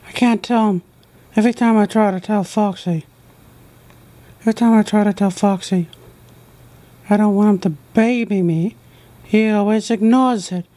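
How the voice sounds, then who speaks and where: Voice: mid-range voice, steady tone, moderate pace, long pauses, dark tone, natural voice. Mangle, a fed-up plush fox, voiced plainly by a young performer. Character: plush animatronic fox Mangle, touchy about being babied. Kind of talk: plush toy skit acting.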